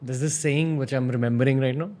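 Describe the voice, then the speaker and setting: A man's voice: mid-range voice, steady tone, fast talker, dark tone. A man hosting a podcast, talking in a friendly, chatty way with his guest. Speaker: podcast host. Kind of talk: casual podcast interview.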